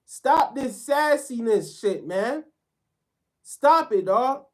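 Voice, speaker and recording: A man's voice: very high-pitched, lively intonation, slow. Fired-up, slangy man ranting about sports. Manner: fired-up, slangy, blunt and profane. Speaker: sports commentator. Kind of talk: heated sports commentary rant.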